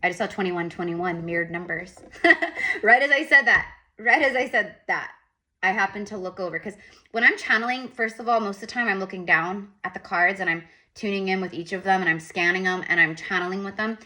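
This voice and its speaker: A woman's voice: lowish voice, fast talker. A woman giving a casual tarot reading, rambling and repeating herself as she channels. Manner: rambling, repetitive, animated asides. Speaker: tarot reader.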